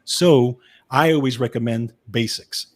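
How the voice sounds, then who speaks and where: A man with a Brooklyn accent talks through nutrition advice as a wellness specialist. His delivery is casual and explanatory, full of "okay" and quick restarts, at a pitch typical for a man.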